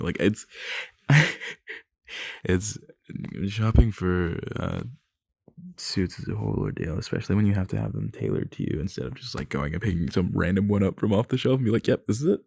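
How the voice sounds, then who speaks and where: A young man with a very low, gravelly voice rambles through an ASMR boyfriend role-play. He talks nervously, laughs and swears as he goes. His voice sits close on the mic in a dry, dead room. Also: a little mellow, no room sound.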